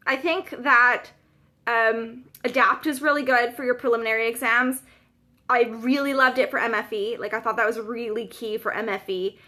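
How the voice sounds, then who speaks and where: A young Canadian woman with a bright, slightly high voice, chatting on a live-stream vlog. She fills her talk with "um" and "like" and laughs at herself as she goes. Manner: chatty and self-deprecating, lots of fillers. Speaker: vlogger. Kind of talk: casual live-stream chat.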